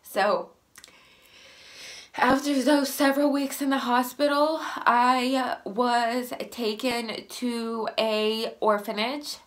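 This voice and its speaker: A woman's voice: a little high, fairly even intonation, takes it slowly. A young woman speaks straight to her viewers. She has a cold, so she sounds stuffy and a little short of breath. Her voice sighs, climbs and sometimes drops almost to a whisper as she grows emotional. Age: young adult. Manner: emotional, sighing, voice rising and softening. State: sick with a runny nose. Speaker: vlogger telling her life story. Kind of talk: personal storytelling to camera.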